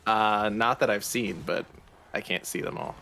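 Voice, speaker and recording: Low-voiced joking gaming show co-host. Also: male voice, normal speed, creaky, noisy background. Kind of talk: casual chat while playing a game.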